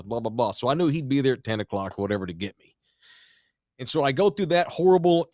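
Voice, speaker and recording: A man telling a wild story on a casual podcast, animated and swearing freely. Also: medium pitch, no echo, studio quality. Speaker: podcast host.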